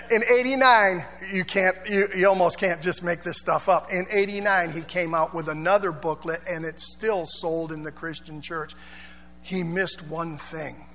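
A male pastor preaches in a church, talking in a loose, conversational way and drawing the congregation in with call-and-response. His voice sits high and rings bright. It carries a long hall echo over a faint hum. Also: unhurried. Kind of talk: sermon.

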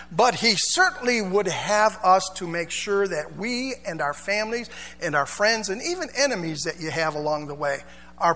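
A male pastor preaches in a church, talking in a loose, conversational way and drawing the congregation in with call-and-response. His voice sits high and rings bright. It carries a long hall echo over a faint hum. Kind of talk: sermon.

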